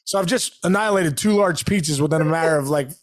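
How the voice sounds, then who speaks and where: A man co-hosting a podcast, telling a long story in casual chat, animated and laughing, calling his friend bro. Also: fairly high pitch, fast. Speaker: podcast co-host.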